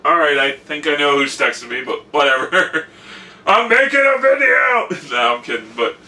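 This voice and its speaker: A man's voice: mid-range voice, steady tone, normal speed, bright, forceful tone, recorded from a distance. A young man chatting casually about his college semester, telling stories with lots of quoted asides. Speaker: college student vlogger. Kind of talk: casual vlog chat.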